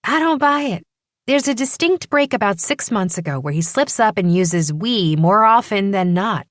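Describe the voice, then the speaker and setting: A woman's voice: mid-range voice, lively intonation, normal speed, no echo, clean studio sound, voice pushed up, lightly acted. A woman doing a bubbly, eager young rookie cop. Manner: bubbly, rising and earnest. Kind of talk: audiobook character voice.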